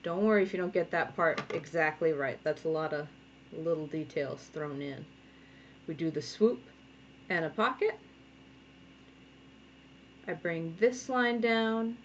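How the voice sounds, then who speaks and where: Woman, 30s, Rhode Island accent, fairly low voice; chatty, encouraging art teacher at home, dull lo-fi recording. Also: a little slow, long pauses. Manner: chatty, encouraging, thinking aloud while drawing. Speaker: comic artist. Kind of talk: live draw-along tutorial. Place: home studio. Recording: dull lo-fi sound with faint noise.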